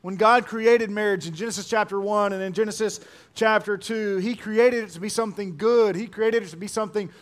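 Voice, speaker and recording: High-voiced preacher repeating himself. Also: male voice, brisk. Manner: animated, repeats phrases for emphasis, tells jokes. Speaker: pastor. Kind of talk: sermon.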